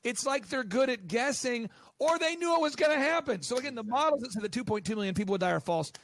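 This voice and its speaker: An interview guest who works as a business coach and podcast host speaks in a strikingly high voice. His delivery is animated and rapid-fire, full of emphasis, captured close-up in a quiet, dry studio without any echo.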